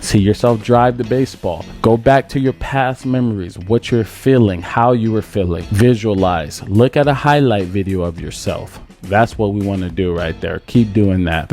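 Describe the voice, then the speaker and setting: A man's voice: lowish voice, dark tone. A man coaching baseball hitters, talking emphatically and repeating his key points. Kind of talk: instructional talk to camera.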